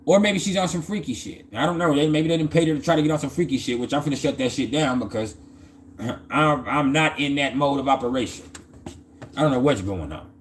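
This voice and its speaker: A man's voice: mid-range voice, a little fast, slight background noise. A man casually telling a personal story in loose, profane slang, often stammering and restarting his sentences.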